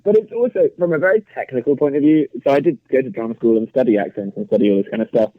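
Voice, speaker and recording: A man in his thirties with an English accent, a guest actor chatting casually in an interview, speaking crisply and laughing often. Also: medium pitch, rapid-fire, dry recording, narrow, tinny audio. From England. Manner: over-articulates, chatty with frequent laughs.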